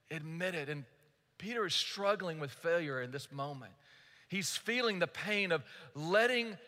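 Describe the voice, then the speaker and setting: A man's voice: on the high side, bright, forceful tone. A male pastor preaching a sermon, telling a story earnestly and speaking directly to the congregation. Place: church sanctuary. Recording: echoey church hall.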